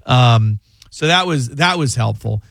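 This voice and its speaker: A man's voice: mid-range voice, animated, unhurried, vocal fry, fairly bright tone, no room sound. A man hosting a casual radio talk show from a studio, rambling with lots of restarts and side stories. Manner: rambling, with many restarts and asides. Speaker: radio show host and lawyer. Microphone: close studio microphone.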